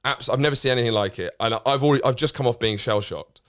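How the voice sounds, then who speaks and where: A man's voice: medium pitch, quick pace, a bit bright, dry recording, clean studio sound. A man, a comedian guest telling a rambling story in casual chat, with many restarts and casual swearing.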